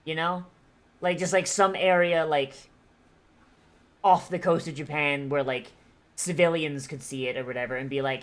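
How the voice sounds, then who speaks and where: Excitable, swearing woman streamer. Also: sits low, normal speed, pauses often. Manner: excitable, profane, bursts into loud shouts. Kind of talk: casual live-stream commentary.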